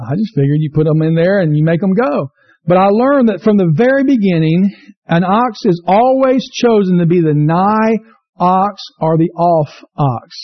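A man's voice: sits high, highs cut off. A man preaching a folksy, joking sermon in a church, asking the congregation questions as he tells stories. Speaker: pastor. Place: church sanctuary.

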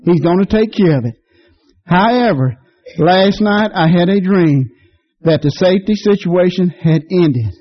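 Fervent preacher on lo-fi radio. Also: male voice, animated, measured pace. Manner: folksy, fervent preaching with sudden rises in pitch. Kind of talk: sermon. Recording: dull lo-fi radio broadcast.

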